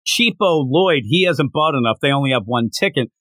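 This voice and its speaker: Animated man recapping a manga. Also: mid-range voice, normal speed, no echo. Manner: animated, acts out characters' lines mid-story. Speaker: podcast co-host. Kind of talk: casual chat recapping a manga chapter.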